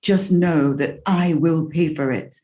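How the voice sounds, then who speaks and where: A woman's voice: low-pitched, unhurried, dark tone. A woman voicing her posh, emotional middle-aged father, who speaks politely and formally. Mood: apologetic.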